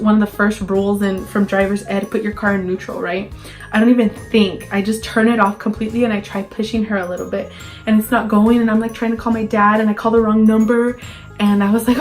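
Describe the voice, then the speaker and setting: A young woman telling a casual story-time tale, chatty and full of fillers, acting out her own panicked quotes. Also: medium pitch. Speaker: vlogger.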